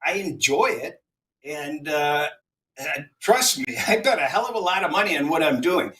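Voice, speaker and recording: A man's voice: a little high, expressive, normal speed, sharp tone, far from the mic, rough recording. A man, a sports handicapper guest, talking emphatically in a casual panel chat and repeating words to stress his points.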